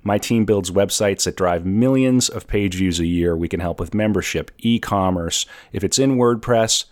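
A man's voice: low-pitched, moderate pace, no echo, clean studio sound. A man hosting a podcast, chatting casually and laughing easily, recorded in a home setting. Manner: laughs often, easygoing. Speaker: podcast host. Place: home in a city apartment.

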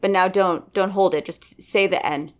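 A woman's voice: on the low side, normal speed. A woman voice coach chatting casually and eagerly, often checking in with listeners. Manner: animated, keeps checking in with "right?". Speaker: voice and dialect coach. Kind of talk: casual chat.

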